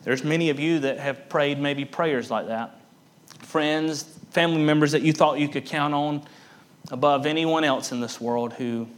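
A man preaching a sermon as a pastor, earnest and emphatic, repeating words for stress. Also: fairly high pitch.

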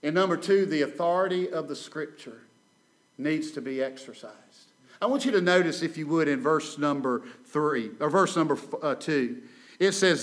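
A male preacher delivers a sermon from a church pulpit. His voice sits high for a man. He swings from loud, ringing lines to hushed ones, doubles up phrases and calls on the congregation to answer. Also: normal speed. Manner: dramatic rises and drops in volume, repeats phrases, calls for amen. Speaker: guest preacher. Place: church sanctuary.

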